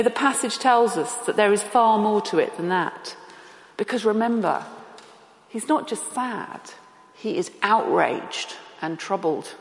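A woman preaching a sermon, deliberate and emphatic, asking rhetorical questions. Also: medium pitch. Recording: echoey hall with long reverb.

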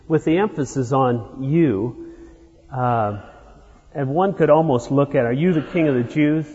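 Male preacher, husky, unhurried expository sermon, dull recording with long hall reverb. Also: medium pitch, a little mellow. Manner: unhurried, explains verse by verse with hesitations.

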